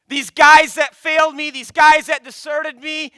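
A man preaching a sermon as a pastor, swinging from loud emphatic lines to hushed, almost whispered ones. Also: very high-pitched, level tone, measured pace, hardly any pauses, no room sound.

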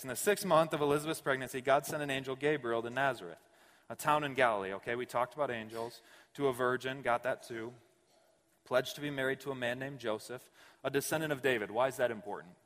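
A man's voice: mid-range voice, a bit bright. A man preaching a sermon in a conversational way that rises to emphatic declarations. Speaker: pastor. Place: church sanctuary. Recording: long hall reverb.

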